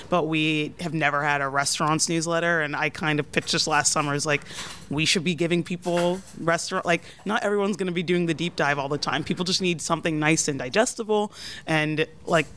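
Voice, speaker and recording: A woman's voice: deep voice, a bit bright, slight background noise. A woman food writer talking animatedly in an interview, using lots of fillers. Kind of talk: casual interview talk. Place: restaurant back dining room.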